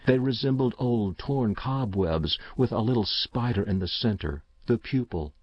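A man narrating a first-person story in a measured, somber, literary way. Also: medium pitch, dry recording. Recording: dull, dry lo-fi recording.

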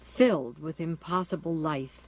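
An audiobook narrator reading a novel in a measured, deliberate storytelling manner. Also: medium pitch, darkish tone, husky. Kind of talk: scripted narration of a horror novel. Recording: dull lo-fi recording.

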